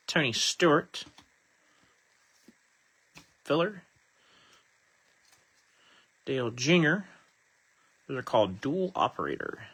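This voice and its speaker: Brief: male card-break host, very bright tone, relaxed chatty delivery, reads out card names. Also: mid-range voice. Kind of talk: casual live card-break commentary.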